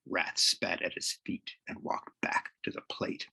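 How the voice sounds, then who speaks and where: A man reading aloud from his novel at a public reading, expressive and dramatic. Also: mid-range voice, a little slow, creaky, few pauses, a little hiss or hum. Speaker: author reading his work. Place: reading series event.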